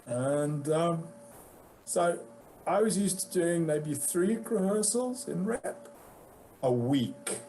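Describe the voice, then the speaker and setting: Lively British man telling stories. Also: a little high, slow, slight background noise, low-quality recording. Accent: British English. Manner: animated anecdotal, acts out quoted exchanges. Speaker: guest actor. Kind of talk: casual storytelling.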